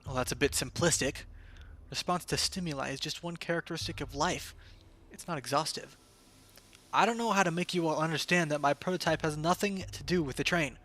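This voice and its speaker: A man voicing a dry, patient male scientist in a game, reading his lines in a measured, slightly weary way. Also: fairly high pitch, fairly bright tone, lightly acted. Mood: exasperated.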